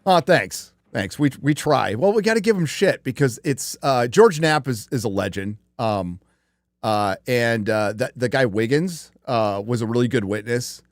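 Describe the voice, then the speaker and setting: Brief: male livestream host, mid-pitched, loose rambling delivery with frequent swearing, dry close mic. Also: animated, normal speed, no echo. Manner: rambling and profane, with many fillers and restarts. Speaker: podcast host. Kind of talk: casual live-stream chat.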